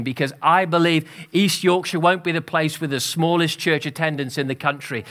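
Energetic pastor preaching. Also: male voice, a little high. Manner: energetic, exhorting, calls out to congregation. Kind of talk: sermon. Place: church hall.

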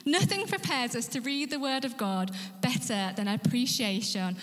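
A woman's voice: a little high, big pitch swings, normal speed. A woman preaching a sermon with earnest emphasis. She drops to a whisper at key points and rallies listeners with questions. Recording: hall with long reverb.

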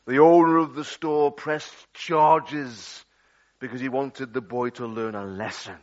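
A man preaching a sermon, swinging dramatically between loud outbursts and hushed, low passages. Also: steady tone, unhurried. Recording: dull lo-fi audio.

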